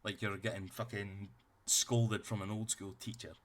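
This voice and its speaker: A man's voice: lowish voice, level tone, moderate pace, slight background noise. A man running a tabletop game as game master, narrating loosely with lots of fillers and casual swearing.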